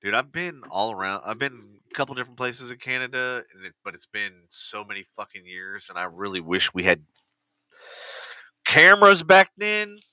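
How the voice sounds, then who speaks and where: A man co-hosting a podcast, talking excitedly and swearing often. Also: on the low side, a little fast, hardly any pauses, no echo. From Texas. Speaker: podcast co-host. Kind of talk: casual live-stream chat.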